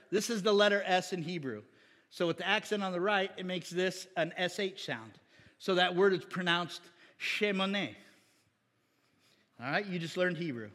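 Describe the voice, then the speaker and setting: A man preaching a sermon to a congregation, teaching from slides with quick jokes and asides. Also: high-pitched, a bit bright, big-room sound. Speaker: pastor.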